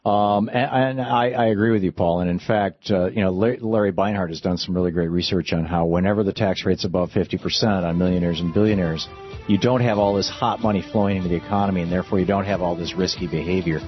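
A man's voice: deep voice, quick pace, highs cut off, faint music behind. A man hosting a call-in radio talk show, speaking in an opinionated, reflective way to his callers.

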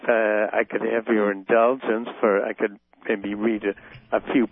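A man calling in to a radio show, speaking haltingly with many pauses and restarts. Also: lowish voice, level tone, dry recording. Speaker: caller. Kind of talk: phone-in call. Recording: tinny phone line.

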